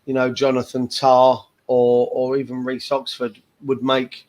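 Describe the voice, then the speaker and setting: A man hosting a casual football fan podcast, often pausing and restarting his sentences. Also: medium pitch, completely flat delivery, a little mellow, rough recording. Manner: hesitant, restarts with repeated words. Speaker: podcast host. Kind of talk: casual chat.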